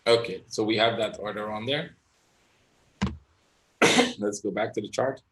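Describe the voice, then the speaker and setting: A man's voice: on the low side, a little slow, a bit bright. Man thinking aloud over live trades. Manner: thinks aloud, often adds "right?". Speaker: trading instructor. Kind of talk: live trading session commentary.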